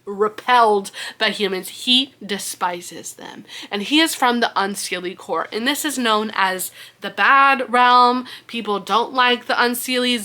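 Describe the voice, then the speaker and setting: A woman's voice: a little high, expressive, a little slow, few pauses, pushed and bright. A young woman recapping a book series in a casual, chatty way, acting out the characters' lines with swearing and laughter.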